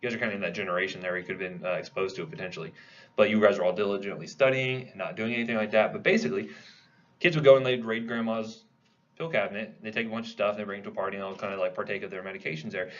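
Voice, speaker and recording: A man's voice: lowish voice, racing, fairly bright tone, highs cut off. A man giving a classroom lecture in a conversational way, posing questions to the class and answering them himself. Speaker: pharmacology lecturer.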